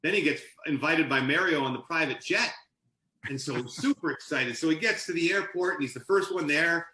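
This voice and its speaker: A man with a bright, forceful voice tells stories at an animated clip, now and then laughing as he goes. He sounds like a guest on a casual podcast, and the sound carries a roomy echo. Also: a little high, fairly quick, slight background noise. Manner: animated anecdote-telling, laughs mid-story. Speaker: podcast guest, author and sportscaster. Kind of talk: casual storytelling interview.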